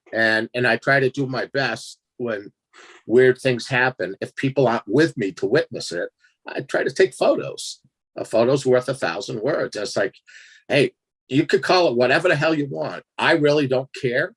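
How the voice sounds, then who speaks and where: A man telling a strange personal story in a casual interview, animated and laughing as he acts out his own reactions. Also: mid-range voice, husky. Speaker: guest storyteller.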